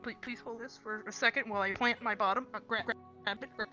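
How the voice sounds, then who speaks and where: A woman's voice: fairly high pitch, fairly even intonation, fast talker, bright, forceful tone, muffled recording, faint music behind. A woman in casual roleplay chat, blunt and swearing through her jokes.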